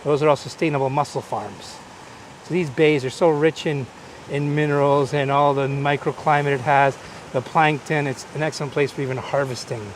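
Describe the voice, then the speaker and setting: A man's voice: on the high side, fairly even intonation, normal speed, slight background noise. Chatty Canadian-raised man guiding a walk. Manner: chatty, pointing out sights. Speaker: host. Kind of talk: live-streamed walking tour. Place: outdoors on a coastal walk.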